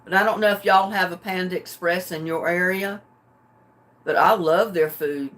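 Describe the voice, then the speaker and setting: A woman's voice: lowish voice, fairly even intonation, normal speed, a bit bright. Drowsy older woman chatting. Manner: chatty, homey, chuckles often. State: drowsy and relaxed. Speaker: livestream host. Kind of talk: casual chat with live viewers.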